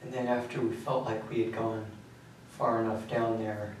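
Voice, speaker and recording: A young man speaks low and nearly monotone, halting and detached, with frequent pauses and fillers. He sounds far from the microphone in an echoey interview room. A faint hiss sits under the whole recording. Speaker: suspect giving a police confession.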